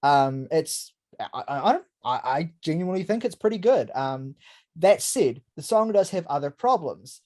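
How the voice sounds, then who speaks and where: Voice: mid-range voice, animated, moderate pace, a little mellow. Blunt, rambling album-review co-host. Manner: emphatic, rambling, blunt with swearing. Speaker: podcast co-host. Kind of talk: casual album review chat.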